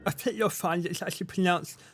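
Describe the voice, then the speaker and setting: A man's voice: high voice, steady tone, a little fast, fairly bright tone, a little hiss or hum. A man voicing a smug, pedantic know-it-all who corrects people in a condescending tone.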